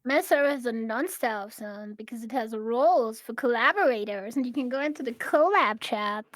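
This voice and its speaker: A woman's voice: fairly high pitch, lively intonation, moderate pace, a bit bright, dry recording. A woman guest chatting on a stream in a breezy, joking way. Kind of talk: casual chat.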